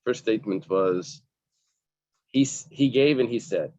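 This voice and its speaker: A man's voice: fairly low pitch, measured pace, mellow, dry recording. A man teaching a casual study-group class, explaining the text step by step and translating each phrase into plain English. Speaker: Talmud teacher. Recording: dull lo-fi recording.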